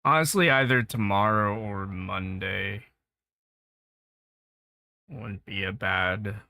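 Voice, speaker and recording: Slow-talking man chatting on an art stream. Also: lowish voice, no room sound, studio quality. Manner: relaxed, rambling, quick to laugh. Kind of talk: casual art stream chat.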